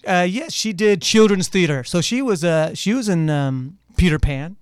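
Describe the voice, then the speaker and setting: A man who is a guest actor, talking casually in an interview, relaxed and chatty, laughing now and then. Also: high-pitched, normal speed, smooth, no echo, studio quality.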